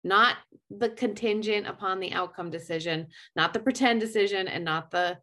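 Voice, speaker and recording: A woman's voice: medium pitch, normal speed, sharp tone. A woman in her forties talking in casual conversation, earnest and rambling, with frequent restarts and fillers. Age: 40s.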